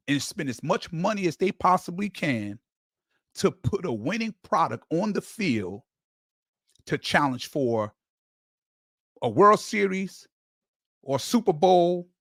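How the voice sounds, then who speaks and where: Recorded dry at studio quality, a man with a slightly high voice delivers casual fan commentary for his sports channel. He's an emphatic storyteller who gets heated, frequently stammering, restarting and repeating words.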